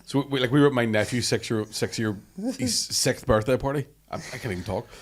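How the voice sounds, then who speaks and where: A man's voice: mid-range voice, fairly quick. A man, a podcast guest joking and swearing in casual chat. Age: late 30s.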